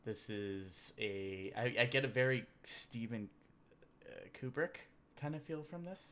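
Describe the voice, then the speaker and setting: A man hosting a loose, rambling livestream, cracking jokes as he goes through memes with a beer in hand. His voice is bright and sharp, with a chatty and offhand delivery. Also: medium pitch, lively intonation, a little slow. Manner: rambling, joking, drinking beer. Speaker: livestream host. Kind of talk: casual livestream meme commentary.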